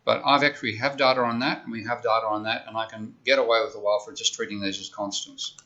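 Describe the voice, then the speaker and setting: A man's voice: fairly low pitch, steady tone, quick pace, bright, forceful tone. A man giving a university economics lecture, explaining step by step in a conversational way and checking in with "okay?". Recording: dull lo-fi lecture recording.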